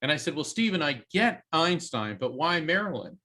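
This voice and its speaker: A man, a podcast guest, telling a long anecdote with lively energy and acting out the quoted voices. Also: fairly high pitch, normal speed. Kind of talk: animated storytelling in a podcast interview.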